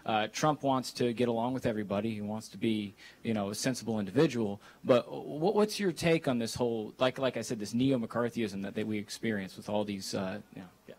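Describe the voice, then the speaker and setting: A man's voice: on the low side, fairly quick, darkish tone. A man in the audience asking a long question, hesitant and rambling.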